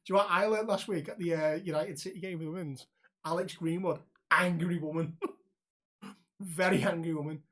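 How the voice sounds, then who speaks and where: A man's voice: on the high side, normal speed. A young man chats loosely on a podcast. He tells stories with plenty of laughs and swearing thrown in. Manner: animated storyteller, laughs often, swears freely. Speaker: podcast co-host. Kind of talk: casual chat.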